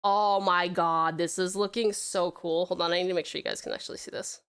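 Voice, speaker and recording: A woman's voice: fairly low pitch, steady tone, fairly quick, fairly bright tone, smooth. An Australian woman from Tasmania streaming and chatting casually while gaming, playful and self-mocking, with the odd swear. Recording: music playing behind. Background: game music.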